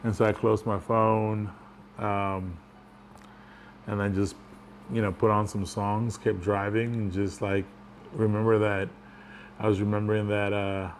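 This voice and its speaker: A man's voice: lowish voice, level tone, measured pace, long pauses, slight background noise. A man telling a personal story in a casual, rambling way, chuckling as he goes. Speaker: vlogger.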